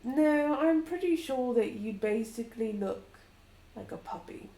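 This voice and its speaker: A woman's voice: on the high side, lively intonation, measured pace, dark tone, a little hiss or hum. A woman playing a charming young woman in tabletop role-play, teasing and fondly bossy. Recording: roomy echo.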